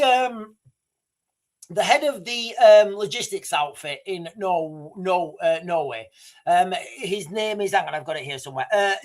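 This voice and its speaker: A man in his thirties from the United Kingdom, hosting a casual livestream, rambling and chatty as he talks to viewers. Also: sits high. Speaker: livestream host.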